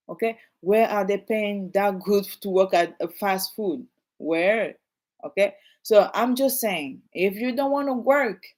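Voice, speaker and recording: A woman in her thirties with a French accent, talking straight to her viewers in a casual vlog. She is emphatic and animated, repeating her points and asking the audience questions over and over. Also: medium pitch. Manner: animated, repetitive, emphatic, addresses viewers directly. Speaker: realtor. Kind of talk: casual vlog talk to camera.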